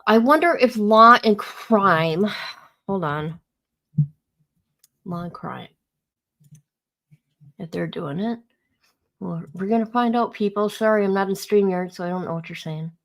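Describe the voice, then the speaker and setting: A woman's voice: mid-range voice, expressive, unhurried, creaky, long pauses, fairly bright tone. A woman hosting a casual livestream, ranting heatedly about a court case and greeting viewers by name. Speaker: livestream host.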